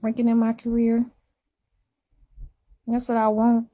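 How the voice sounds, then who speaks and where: A woman's voice: fairly high pitch, completely flat delivery, unhurried, breathy edge, narrow, tinny audio. Woman rambling in casual livestream talk. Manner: rambling, self-deprecating, repetitive.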